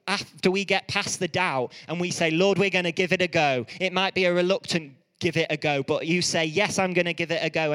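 A man preaching a sermon, telling stories in a lively way and often correcting himself mid-sentence. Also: on the high side, clear, resonant tone, big-room sound. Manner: lively storytelling with quick self-corrections.

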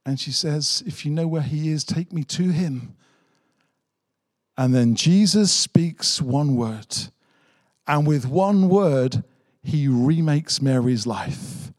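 A man's voice: a little high, slow pace, a little mellow, no echo, clean studio sound. A man preaching an Easter sermon, telling the story dramatically and driving points home with emphatic repetition. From Britain. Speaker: pastor.

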